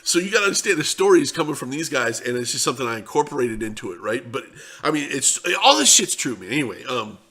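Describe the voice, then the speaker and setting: A man's voice: mid-range voice, sing-song, quick pace, pushed and bright. Profane, rambling young man telling a story. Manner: profane, rambling, laid-back. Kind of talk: casual anecdote.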